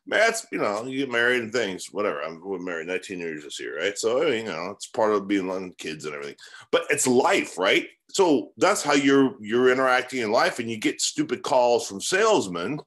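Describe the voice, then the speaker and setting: A man's voice: on the low side, very animated, a little fast, a bit bright. A man in his forties coaching newcomers in a loose, motivational way. His voice rises and falls a lot, and he keeps circling back with rhetorical questions and filler words. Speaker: real estate mentor. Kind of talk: casual motivational teaching.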